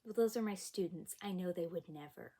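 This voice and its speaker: A woman voicing a dismissive, patronizing female schoolteacher who brushes off complaints, pitched above her own voice. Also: brisk, mellow, husky.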